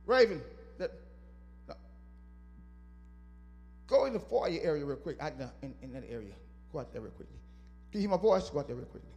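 A male pastor with a strikingly high voice, preaching and prodding his congregation to answer back. His words ring through a reverberant church hall while soft instrumental music sits underneath. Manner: call-and-response preaching, teasing the congregation. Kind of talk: sermon. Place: church sanctuary.

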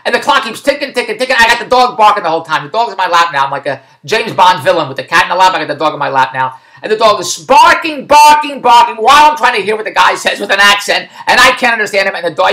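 Middle-aged guy, rapid, lively exasperated vlog rant. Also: high voice. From Philadelphia. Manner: exasperated, digressive storytelling. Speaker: vlogger. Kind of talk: rambling comic monologue.

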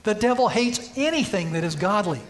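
High-pitched male preacher, storytelling sermon with emphatic peaks, church setting. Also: lively intonation, a little fast. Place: church sanctuary.

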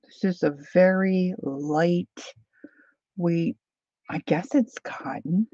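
A woman hosting a casual live chat with her viewers, talking them through things as she unpacks and sometimes dropping to a soft whisper. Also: on the low side, steady tone, takes it slowly, dry recording, highs cut off. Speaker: livestream host.

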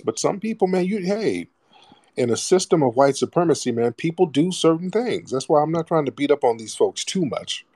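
A man's voice: fairly high pitch, animated, normal speed, warm tone, no room sound. A man hosting a call-in show, speaking in a blunt, profane and preachy manner in a casual monologue.

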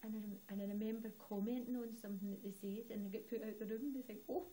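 A woman's voice: medium pitch, steady tone, fast, mellow, rough recording. A woman from the west of Scotland with a Scottish accent, telling stories in a casual interview, rambling with lots of "you know". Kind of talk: casual oral-history interview.

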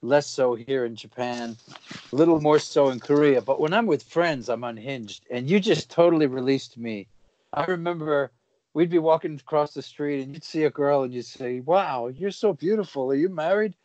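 A middle-aged man hosting a casual interview, reflective and relaxed, asking long rambling questions. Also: moderate pace, dry recording. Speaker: podcast host. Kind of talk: casual chat. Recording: dull, dry low-fidelity sound.

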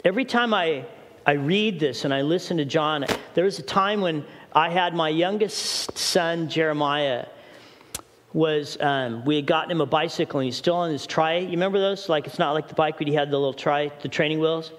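A man's voice: a little high, moderate pace, fairly bright tone. A middle-aged man preaching a sermon as pastor, urgent and questioning the congregation directly. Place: church hall. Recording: long church hall reverb.

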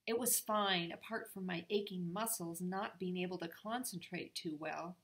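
A woman's voice: on the low side, normal speed, lightly acted. A grandmother voicing an earnest, curious schoolboy in a storybook she reads aloud, talking plainly. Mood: tired.

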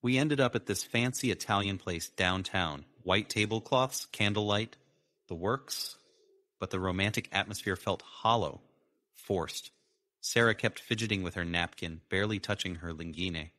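Guy narrating a story, kinda low voice, dead dry sound, steady delivery. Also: normal speed, no echo. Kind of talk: first-person story narration.

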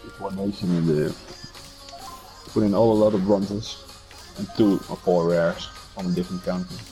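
A man adds short, relaxed remarks in a lower voice while a game is played. His tone is laid-back and encouraging. Game music plays softly behind him. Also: normal speed. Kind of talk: casual chat.

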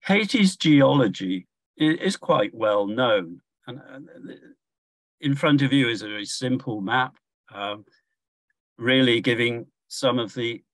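An older man giving a measured academic lecture from slides, pausing often with fillers and restarts. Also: mid-range voice, a bit bright, dry recording.

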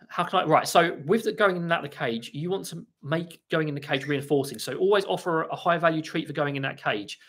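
A man with a fairly high, slightly bright, husky voice talks briskly as he hosts a casual livestream from a home room with parrots. He answers viewers' questions chattily, restarting often and talking to his birds between answers.

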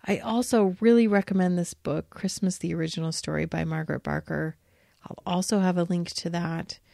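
A woman's voice: lowish voice, steady tone, fairly quick, creaky, warm tone, dry recording, clean studio sound. A woman podcast host reading an old religious text aloud and reflecting on it, lifting her voice for quoted lines. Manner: reflective, reads quoted lines with lifted emphasis. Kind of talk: reading and commenting on scripture.

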